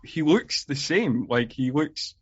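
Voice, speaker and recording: A man's voice: fairly high pitch, expressive, slow, husky, lo-fi sound. Hesitant man chatting about a film. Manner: hesitant, many ums and uhs. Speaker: podcast co-host. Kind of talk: casual film discussion.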